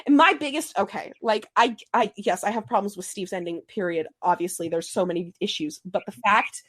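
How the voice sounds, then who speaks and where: An excitable woman hosting a casual podcast chat, piling on emphatic points. Her voice sits at a middle pitch and is recorded dry and close. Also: fairly quick, few pauses, no room sound. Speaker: podcast host.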